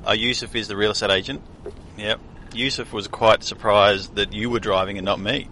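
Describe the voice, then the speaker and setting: Wry, bright-voiced man. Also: lowish voice, steady tone, normal speed, a little hiss or hum. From Australia. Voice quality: dry, wry humour. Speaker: host's husband. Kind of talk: casual chat. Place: in a car.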